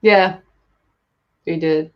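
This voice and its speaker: A woman's voice: fairly low pitch, steady tone, drawn-out words, highs cut off. A woman co-hosting a casual film podcast, talking in a chatty, informal way with casual swearing. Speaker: podcast co-host.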